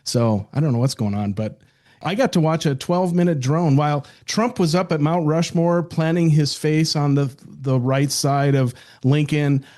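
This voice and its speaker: A man's voice: fairly high pitch, moderate pace, a little mellow. An older man co-hosting a podcast in casual chat, joking and telling stories at length. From South Dakota, United States. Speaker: podcast co-host.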